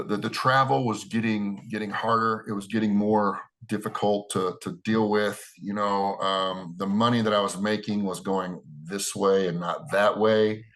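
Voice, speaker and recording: Middle-aged American man, low voice, talkative interviewee, lots of restarts and fillers. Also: pushed and bright. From United States. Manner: rambling, many restarts and "you know". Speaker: wrestler. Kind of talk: interview answers.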